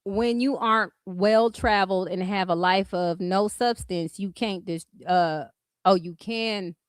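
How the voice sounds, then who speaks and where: A woman's voice: medium pitch, measured pace, no echo. A woman from California with a Californian accent, ranting bluntly and profanely at trolls on her commentary vlog. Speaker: YouTube commentary host.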